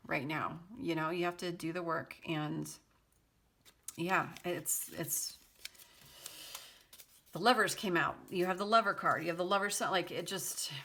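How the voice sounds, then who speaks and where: A woman's voice: on the low side, unhurried, long pauses, sharp tone, a little hiss or hum. A woman giving a casual tarot reading to her viewers, chatty and laughing easily, with a sarcastic sense of humor and lots of loose fillers. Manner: loose speech with many fillers. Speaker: tarot card reader.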